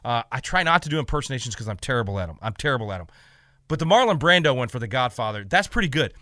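A man's voice: mid-range voice, sing-song, very fast, pushed and bright, dry recording. A man hosting a talk radio show, giving emphatic, indignant commentary with frequent stammered restarts.

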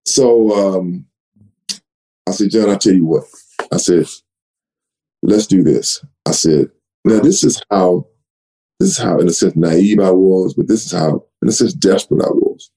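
Speaking a little slowly with frequent pauses, a low-voiced retired running back recounts stories in an interview from his home office. The recording is rough. His storytelling is animated and conversational, full of repeated words and acted-out dialogue from old conversations.

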